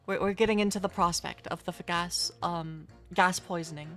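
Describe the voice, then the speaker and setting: A woman's voice: fairly low pitch, steady tone, moderate pace, fairly bright tone, faint music behind. Chatty self-deprecating woman streamer. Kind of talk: casual live-stream commentary while reading game dialogue.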